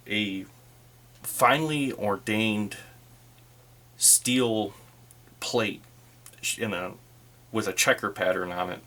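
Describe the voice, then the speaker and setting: A man narrating a solo tabletop game as game master, in a relaxed, rambling way. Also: fairly low pitch.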